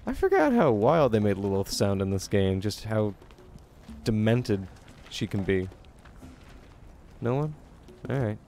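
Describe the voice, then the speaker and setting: A young man talks casually while playing a game, chatty and a little self-deprecating. His voice sits low with a gravelly fry, picked up close on a desk mic. A faint hiss runs under it. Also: very animated, measured pace, pauses often, a little mellow. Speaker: streamer. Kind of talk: casual let's-play commentary.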